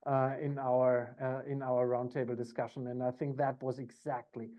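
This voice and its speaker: A man hosting a round table over a video call, speaking haltingly with many fillers and restarts. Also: mid-range voice, flat delivery, dull audio. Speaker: host.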